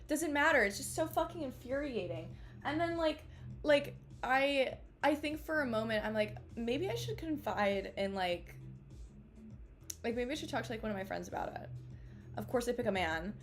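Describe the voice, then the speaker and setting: A woman's voice: fairly high pitch, animated, normal speed. A woman in her twenties, a streamer, venting to her chat in a rambling, exasperated way, full of fillers and swearing. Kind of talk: casual live-stream venting. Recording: faint music behind.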